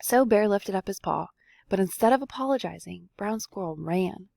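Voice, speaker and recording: A woman's voice: mid-range voice, lively intonation, normal speed, creaky, warm tone, no echo. A young woman teacher reading a folk tale aloud expressively and stopping to ask the listeners questions. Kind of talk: read-aloud storytelling lesson.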